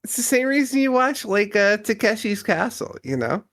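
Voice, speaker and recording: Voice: medium pitch, big pitch swings, moderate pace, a bit bright. A guest on a live stream, trading casual banter. Laughs often, swears freely and teases the host.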